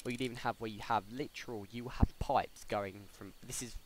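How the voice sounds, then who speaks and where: A man's voice: mid-range voice, steady tone, fairly quick. A young man, talking casually on a solo podcast, rambling with lots of fillers and restarts. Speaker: podcast host. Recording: faint background noise.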